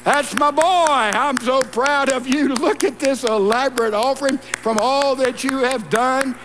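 A preacher putting on the raised voice of God. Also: male voice, extremely high pitch, measured pace, voice pushed up. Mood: proud, questioning. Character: God, a stern but caring divine male voice. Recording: long reverb and mains hum in a church.

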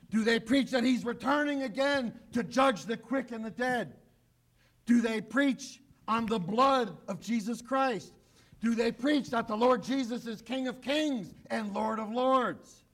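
Often dropping to a hushed, low voice, a male pastor preaches emphatically and repeats his key phrases.

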